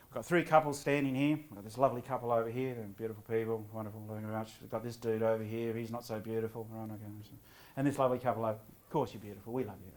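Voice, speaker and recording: A middle-aged man giving a property investment seminar to a live audience, lively and often quizzing the crowd. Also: on the low side. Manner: energetic, quizzes the audience with quick questions.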